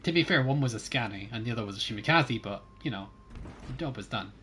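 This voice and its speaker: Lively chatty Scottish man streaming. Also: mid-range voice, fast, slight background noise. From Scotland. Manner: chatty, jokey, trails off quietly. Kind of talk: casual gaming chat.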